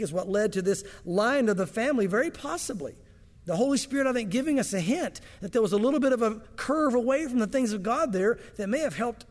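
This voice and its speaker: Brief: conversational male pastor, high voice, echoing church hall. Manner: conversational preaching with asides. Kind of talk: sermon.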